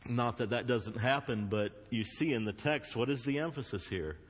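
A male pastor with a Southern US accent, preaching a sermon with loud emphatic bursts and quieter earnest asides. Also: mid-range voice, moderate pace, slightly rough. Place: church sanctuary. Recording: long hall reverb.

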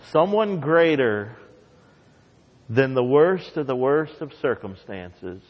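A male pastor delivering a sermon, dropping to soft, low asides and then climbing into loud, ringing emphasis. His voice carries a long reverb tail, like a large sanctuary. The sound is somewhat dull and muffled. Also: sing-song, slow pace.

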